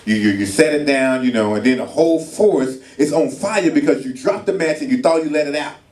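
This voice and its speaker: A man's voice: medium pitch, fairly quick, darkish tone. Man preaching colloquially in an echoey hall. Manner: colloquial storytelling with acted voices. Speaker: preacher at a marriage retreat. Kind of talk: sermon. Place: hall at a church retreat. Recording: echoey room, mic far off.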